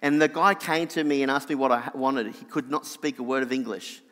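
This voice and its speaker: A middle-aged Australian man with a nasal voice, telling a personal story in an animated sermon. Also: a little fast, in a large hall. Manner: animated anecdotal, drops soft and low for reflection. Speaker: preacher.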